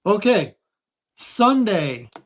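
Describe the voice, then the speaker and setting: A man hosting a casual football picks show, reading out lines and odds deliberately. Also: sits high, sing-song, fairly bright tone. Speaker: show host. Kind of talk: casual sports picks chat.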